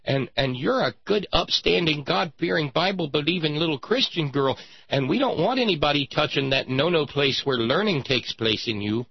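A man's voice: on the high side, expressive, normal speed, gravelly, slightly rough, no echo, muffled recording, voice pushed up, heavily acted. A man voicing a doting, pious parent who fusses over a child in sugary baby talk. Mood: cooing.

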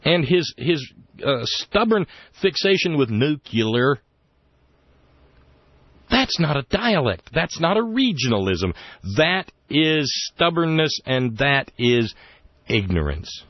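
A man's voice: a little high, big pitch swings, a little slow, dry recording. A man hosting a talk radio show. He rambles wryly and often restarts his sentences. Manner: rambling, wry, with many restarts. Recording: dull lo-fi radio broadcast.

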